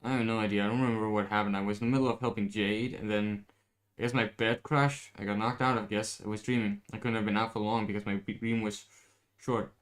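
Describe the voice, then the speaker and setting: A man's voice: steady tone, lightly acted. Man doing a panicky teenage boy. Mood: puzzled. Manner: high-strung, quick to panic. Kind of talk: comic reading aloud.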